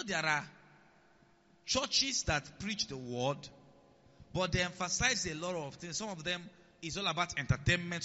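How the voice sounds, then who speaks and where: A male pastor with a high voice preaches a sermon, often checking whether the congregation follows and repeating key lines, swinging from loud emphasis to quiet asides. The recording is dull and lo-fi, with long hall reverb.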